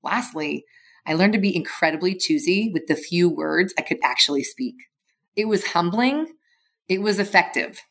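A woman speaks in a fairly low voice, telling a workplace story in a steady, measured way. She sounds like a leadership facilitator giving a reflective podcast segment.

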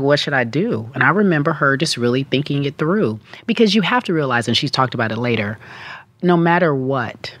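A woman guest speaking candidly in an interview, telling her story with animated delivery and acting out quoted voices. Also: sits low, no room sound.

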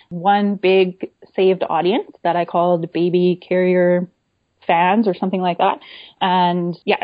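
A woman's voice: on the low side, no room sound. Chatty woman on a dull, dry line. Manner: explanatory, many "you know" and "right?" tags. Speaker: guest, small online shop owner. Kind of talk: casual interview chat. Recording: dull, lo-fi dry remote audio.

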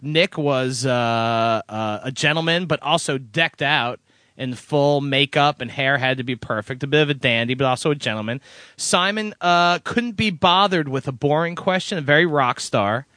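A man's voice: medium pitch, moderate pace, pushed and bright, no echo, studio quality. A man hosting a music podcast as a critic, chatty and enthusiastic in his storytelling. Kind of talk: casual interview chat.

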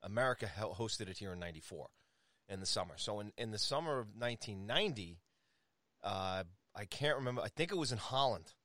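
A man from New York tells a loose, rambling anecdote, stopping and restarting as he goes. His voice is bright and animated, rising and falling widely in pitch. It is recorded close and dry, with no room sound. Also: a little fast, no echo. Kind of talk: casual storytelling in conversation.

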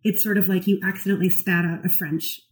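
A woman's voice: fairly low pitch, fairly even intonation, fast talker, low-quality recording. A woman who counsels clients, co-hosting a casual chat and explaining ideas animatedly, with many "like"s and "you know"s. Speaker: therapist and podcast co-host.

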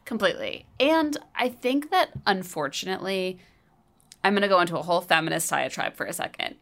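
A woman with a low voice chats on a podcast, loose and rambling. She swears freely and leans on "like" as filler. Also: animated, a little fast, fairly bright tone. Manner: chatty, profane, lots of filler "like". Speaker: podcast co-host. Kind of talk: casual chat.

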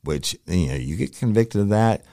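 A middle-aged man from Louisiana, telling a past case as a podcast host in an animated, profane way. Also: fairly low pitch, moderate pace, no room sound, clean studio sound. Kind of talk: casual storytelling.

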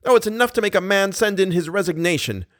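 A man reading an audiobook, voicing a flustered middle-aged opera manager who is excitable and exasperated. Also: fast talker, dry recording, studio quality. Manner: excitable, exasperated, high-pitched outbursts.

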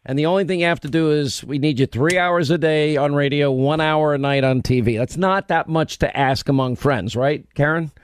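A man's voice: a little high, moderate pace, few pauses, smooth, no room sound, studio quality. Brash joking male radio host. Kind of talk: casual talk radio banter.

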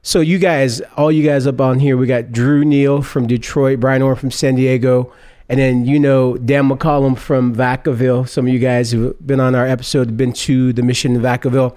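A man's voice: medium pitch, little pitch movement, moderate pace, warm tone. A man co-hosting a podcast, casually interviewing guests with enthusiastic, affirming interjections. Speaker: podcast co-host.

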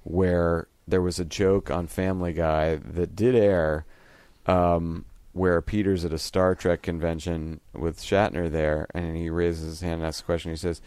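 A man, a guest comedy writer, chatting casually and telling animated stories with quick laughs, acting out quotes. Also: sits low, slight background noise. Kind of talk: casual chat.

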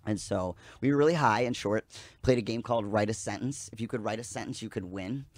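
A man in his thirties, a podcast guest, telling a rambling, animated story in casual chat and swearing freely. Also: on the low side, a little fast, no echo.

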